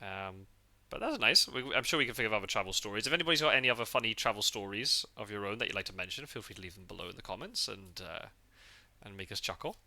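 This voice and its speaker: Podcast host from the UK, man, very bright, lowish voice, loose rambling chat. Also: expressive, quick pace. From United Kingdom. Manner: chatty, rambling, full of fillers and restarts. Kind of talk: casual chat. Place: parked car.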